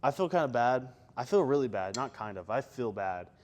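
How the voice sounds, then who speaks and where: A man's voice: mid-range voice, expressive, fairly quick, a little mellow. A young man chatting casually between gym sets, rambling with lots of fillers and self-deprecating asides. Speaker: gym vlogger.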